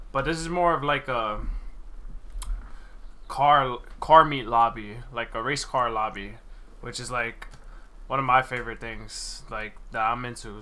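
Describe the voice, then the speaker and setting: Excitable young man streaming a game. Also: medium pitch. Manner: excitable, laughs often, slangy. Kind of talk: casual gameplay commentary.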